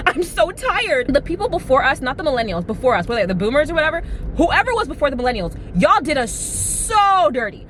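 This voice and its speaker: Talking from inside a car as she drives, a woman in her twenties vlogs into the camera mic, chatty and dramatic, leaning heavily on "like" and performing small quotes. She has a high, sing-song voice and a quick pace, with slight background noise.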